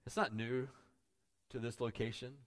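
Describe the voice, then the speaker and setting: A man preaching a sermon as pastor, dropping to quiet asides and building to loud, emphatic peaks. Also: mid-range voice, little pitch movement, normal speed.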